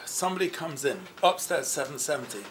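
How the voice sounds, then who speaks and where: A rabbi telling a story to a group at a gathering, with loud chanted quotes. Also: male voice, fairly high pitch, quick pace, very noisy. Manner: lively, bursts into loud chanting when quoting. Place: gathering room with a crowd around the table.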